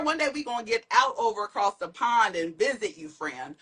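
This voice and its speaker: A woman in her thirties co-hosting a casual chat, sassy and animated, breaking into loud outbursts as she tells stories. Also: fairly high pitch, a little fast, few pauses, breathy edge. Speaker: podcast co-host.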